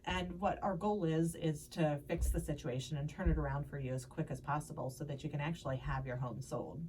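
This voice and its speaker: A woman's voice: low-pitched, steady tone, warm tone. Chatty woman radio host with a head cold. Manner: chatty and upbeat, quick to laugh. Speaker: radio show host and real estate agent. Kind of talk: casual radio chat. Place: radio studio. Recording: distant mic with faint noise.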